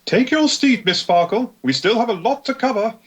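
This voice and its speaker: A man's voice: lively intonation, moderate pace, breathy edge, exaggerated voice. A man putting on a prim lady schoolteacher. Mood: prim, brisk. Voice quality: high prim falsetto. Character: prim female schoolteacher, strict and orderly.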